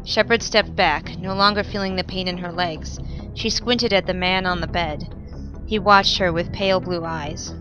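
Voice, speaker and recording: A woman reading her own fan fiction aloud in a calm, even storytelling voice. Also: on the low side, moderate pace, low-quality recording. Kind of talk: narrated audiobook-style reading. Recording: music playing behind the voice. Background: background music.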